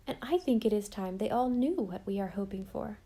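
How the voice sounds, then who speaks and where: A woman voicing a gentle, affectionate young mother, in a mellow, soft tone. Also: medium pitch, expressive, fairly quick, husky. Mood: tender.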